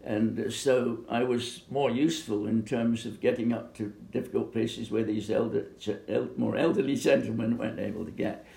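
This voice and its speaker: An older man from Bermuda recalling his youth in an oral history interview, speaking haltingly with many pauses and fillers. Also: medium pitch, fairly even intonation, vocal fry, mellow. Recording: echoey room.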